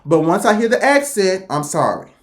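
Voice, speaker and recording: An American woman hosts a reaction video and speaks her mind bluntly. Her delivery is emphatic, and her voice swings between low asides and sudden high peaks, all in a mid-range pitch. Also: very animated, moderate pace. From United States. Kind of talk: opinionated reaction commentary.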